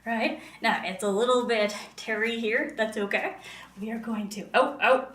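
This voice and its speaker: A woman's voice: fairly high pitch, normal speed, a bit bright, far from the mic. A woman casually chatting while cooking on a live stream, playful and sing-song, often meowing to herself. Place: home kitchen. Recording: echoey room, voice from afar.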